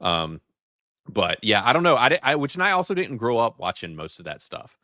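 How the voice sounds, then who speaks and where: A man co-hosting a podcast, chatting casually in a measured, hedging way while thinking aloud. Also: mid-range voice, very animated, bright, forceful tone, no room sound, clean studio sound. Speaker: podcast co-host. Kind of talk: casual chat.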